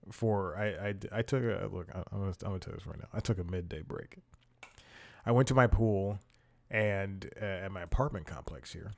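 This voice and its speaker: A man hosting a casual comedy recap show, telling stories in a rambling, self-interrupting way. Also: fairly low pitch. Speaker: host.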